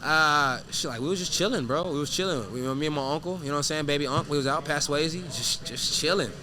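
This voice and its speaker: A man sits in as an interview guest and tells stories in a loose, profane, animated way. His voice sits a little high and has a bright, forward edge. He talks at a quick clip. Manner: animated, profane, loose storyteller who acts out scenes. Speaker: guest fighter. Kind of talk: casual storytelling interview.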